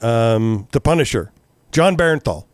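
Man, podcast host, casual storyteller, smooth clear voice, dry close sound. Swears freely, acts out reactions. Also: mid-range voice, animated, unhurried, no echo. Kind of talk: casual chat.

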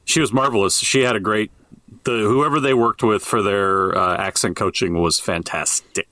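A man co-hosting a casual comedy podcast, dryly sarcastic and quick to agree. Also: fairly low pitch, no room sound. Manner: dry, deadpan sarcasm, agreeable. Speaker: podcast co-host.

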